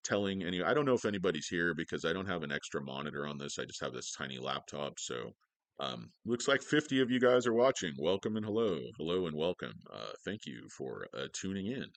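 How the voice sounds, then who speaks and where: A man rambles and jokes sarcastically through a casual stock livestream from his home office. His voice sits low but swings widely, with a bright edge and a dry, close sound. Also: big pitch swings, fairly quick, vocal fry, no room sound. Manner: joking, sarcastic, rambling with many fillers.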